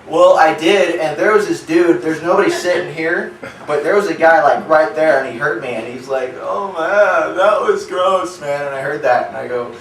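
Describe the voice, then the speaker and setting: A man's voice: fairly high pitch, fairly quick, slight background noise. A young man in his early twenties performing a stand-up comedy set, telling rambling, offhand stories. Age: young adult. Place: small comedy theater. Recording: roomy live club sound from a distance.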